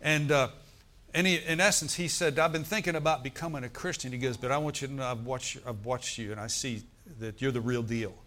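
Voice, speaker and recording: A middle-aged preacher with a medium-pitched, sharp-toned voice speaks a little fast. During his sermon he tells a story and calls out to the congregation for responses.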